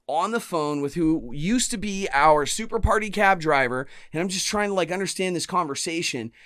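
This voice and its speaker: A man's voice: on the high side, animated, moderate pace, fairly bright tone, no room sound, studio quality. Joking, profane podcast co-host guy. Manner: loose, joking, profane banter. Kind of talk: casual chat.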